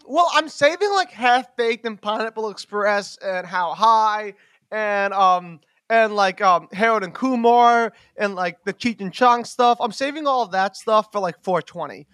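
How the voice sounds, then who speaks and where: Young guy with a super high voice rambling on a podcast, lots of likes and ums, dry close sound. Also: lively intonation, a little slow, fairly bright tone, clear, resonant tone, no room sound. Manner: rambling, giggly, full of fillers. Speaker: podcast co-host. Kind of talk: casual chat.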